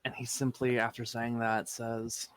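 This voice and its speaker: A man running a tabletop game, narrating a scene in a slow, measured way. His delivery stays flat and even. The sound is dry and close, with no room around it. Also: medium pitch, dry recording. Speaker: game master.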